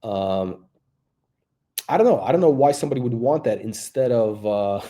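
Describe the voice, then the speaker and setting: A man's voice: medium pitch, animated, moderate pace, dark tone. A male watch channel host giving blunt, crude, rambling off-the-cuff commentary.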